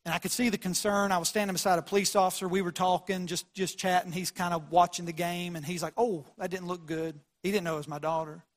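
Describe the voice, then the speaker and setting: A pastor preaching a sermon, shifting from quiet storytelling to loud, fervent pleas. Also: male voice, sits high, fairly even intonation, quick pace, few pauses, big-room sound. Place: church sanctuary.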